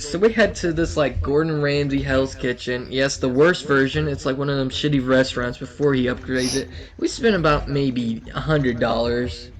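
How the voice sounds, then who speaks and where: A young man telling a rambling, crude story in casual chat, animated and often laughing. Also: mid-range voice, normal speed, few pauses.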